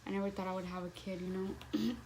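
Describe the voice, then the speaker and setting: A young woman in a vlog tells a story about her own life in a loose, chatty way. Her voice sits at an ordinary middle pitch, and she swears easily and leans on "like" constantly. A steady hiss of background noise runs under the recording. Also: fast, low-quality recording. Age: young adult. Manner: casual, profane, heavy use of "like". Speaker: vlogger.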